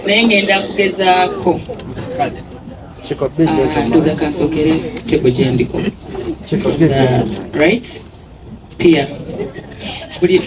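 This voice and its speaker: Emotional Ugandan woman, low and distant. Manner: halting, self-effacing, laughs between phrases. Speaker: singer addressing an event. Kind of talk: emotional thank-you speech.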